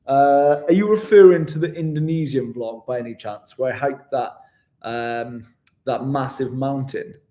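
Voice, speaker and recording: A man's voice: medium pitch, measured pace, dark tone. A man, chatting casually as he answers viewer questions in a vlog, self-deprecating and calling people "mate". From West Yorkshire, England. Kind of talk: casual live Q&A.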